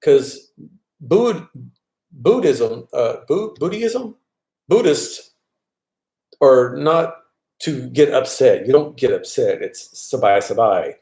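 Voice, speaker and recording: A man's voice: medium pitch, animated, slow, pauses often, dark tone. A man casually chatting on a live stream, reading viewer comments aloud and answering them. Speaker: vlogger answering live chat.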